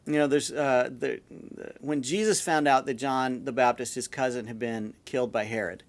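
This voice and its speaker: A male pastor giving a sermon in a relaxed, conversational storytelling way, often repeating words as he goes. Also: medium pitch, moderate pace.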